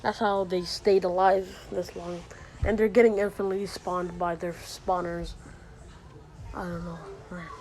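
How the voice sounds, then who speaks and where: A woman's voice: on the low side, level tone, a little slow, darkish tone, slight background noise, poor audio. A woman casually retelling a made-up fantasy story, rambling with many fillers, restarts and asides.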